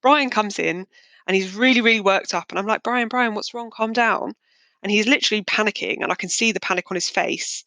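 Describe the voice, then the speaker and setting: A woman's voice: medium pitch, fast, pushed and bright, dry recording. A woman hosting a podcast, telling a long personal story in a chatty, rambling and darkly candid way. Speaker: podcast host. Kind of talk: casual storytelling monologue.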